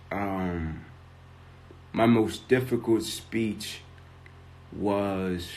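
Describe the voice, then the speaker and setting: A man's voice: on the low side, a little hiss or hum. Man telling stories, "right?" after every line. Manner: tags nearly every sentence with "right?"; vivid storyteller, builds in intensity. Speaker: motivational speaker. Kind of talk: storytelling talk on a live stream. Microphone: phone.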